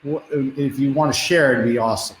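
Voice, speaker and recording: A man's voice: medium pitch, fairly even intonation, slight background noise. Reflective male podcast host, roomy sound. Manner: reflective, halting, with restarts, asks personal questions. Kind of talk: interview conversation.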